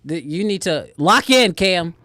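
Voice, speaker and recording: Young guy running a stream, high voice, jokey protesting, dry close sound. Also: lively intonation, unhurried, sharp tone, no echo. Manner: playful, exaggerated protests. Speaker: host of a live stream. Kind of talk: casual joking chat.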